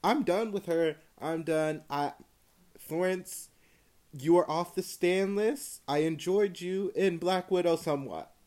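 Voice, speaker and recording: A man with a fairly high voice runs through celebrity gossip with plenty of sass and drama. He swears freely and leans into every reaction. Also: takes it slowly, a little mellow. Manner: dramatic, sassy, swears a lot. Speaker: host. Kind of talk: gossip commentary.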